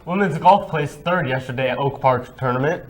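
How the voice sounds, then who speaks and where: A teenage boy co-anchors a school sports report from a script. He sounds upbeat and encouraging, with a mid-pitched voice. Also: moderate pace. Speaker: student news anchor. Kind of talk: scripted news reading.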